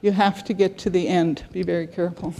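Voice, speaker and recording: A woman's voice: lowish voice, steady tone, brisk, creaky, dark tone. A woman giving a conference talk, telling client stories earnestly in short phrases. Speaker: conference speaker.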